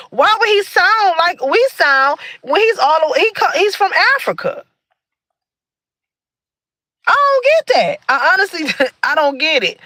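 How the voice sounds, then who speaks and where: A woman's voice: very high voice, pushed and bright, dry recording, rough recording. A woman from Michigan hosting a livestream, talking casually and earnestly, preaching a little and greeting viewers in the chat. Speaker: livestream host.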